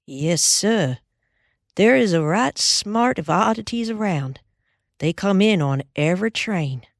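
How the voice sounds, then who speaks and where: A woman voicing a grave, soft-spoken Southern cowboy in an audiobook, polite and slow in a Southern drawl. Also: mid-range voice, expressive, gravelly, no room sound, studio quality. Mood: grave, civil. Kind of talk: audiobook character voice.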